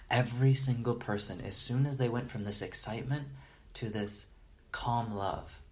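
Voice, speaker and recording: Guy with a slightly low voice telling heartfelt stories in an interview, earnest, keeps restarting sentences. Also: slight background noise. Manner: earnest and reverent, halting restarts. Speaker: interview guest. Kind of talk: storytelling in conversation.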